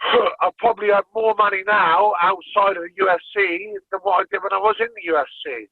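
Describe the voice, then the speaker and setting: A man's voice: sits high, fairly quick, no echo. Sweary man on a tinny line. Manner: blunt, sweary, laughing storyteller. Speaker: podcast guest, fighter. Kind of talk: casual storytelling. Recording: dry, phone-like narrow sound.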